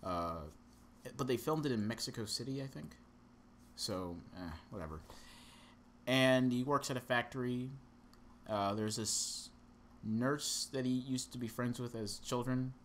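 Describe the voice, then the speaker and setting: This young podcast co-host has a medium-pitched voice and speaks a little slowly, leaving long pauses, with slight background noise. He reviews a movie in a rambling, sarcastic manner, filling his plot recap with fillers.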